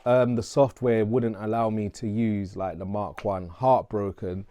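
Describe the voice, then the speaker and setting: A man's voice: on the low side, steady tone, measured pace, dark tone, clear, resonant tone, dry recording. A man in his thirties from London with a London accent, giving a casual, playful, self-mocking channel intro as a vlogger and music producer. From England. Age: 30s.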